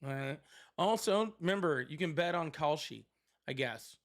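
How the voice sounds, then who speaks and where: A man's voice: on the high side, lively intonation, moderate pace, a bit bright. A man hosting a political livestream from his seat at home, talking in a profane, sardonic, rambling way. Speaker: livestream political show host. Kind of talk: casual live-stream talk. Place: at home, seated.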